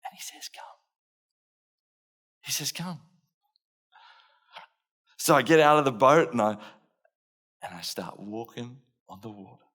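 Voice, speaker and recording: An Australian man delivers a dramatised sermon, speaking as a blunt, impulsive fisherman disciple. His voice sits in an ordinary middle pitch, and he tells the tale earnestly and with self-mocking humour. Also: lively intonation, brisk, fairly bright tone. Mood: lively storytelling. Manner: earnest first-person storytelling with laughs and self-mockery. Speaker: preacher.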